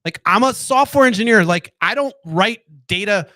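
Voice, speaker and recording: A man's voice: high-pitched, animated, moderate pace, bright, forceful tone, no echo. A man hosting a casual late-night monologue, speaking candidly with swearing and rhetorical questions. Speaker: podcast host.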